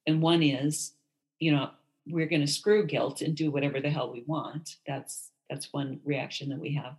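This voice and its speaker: Woman co-host, low-pitched voice, candid and chatty, acts out quoted lines. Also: normal speed. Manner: candid, animated storytelling with lively quoted voices. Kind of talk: casual chat.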